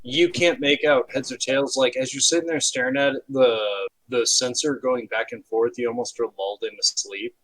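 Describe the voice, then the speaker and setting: A man narrating as game master of a tabletop game, relaxed and often pausing with fillers. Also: medium pitch, low-quality recording. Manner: relaxed, hesitant with fillers, slips into quick character voices.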